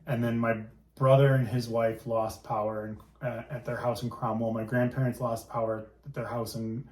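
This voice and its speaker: A man's voice: mid-range voice, level tone, moderate pace, darkish tone, reverberant. A man who is a guest on a podcast, reminiscing in a rambling, fond way. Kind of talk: casual chat.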